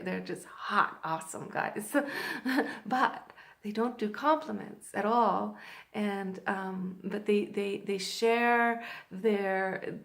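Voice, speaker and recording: A woman coaching men on dating in a casual advice vlog, earnest and halting, with many fillers and restarts and laughs between points. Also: mid-range voice. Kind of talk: direct-to-camera advice vlog.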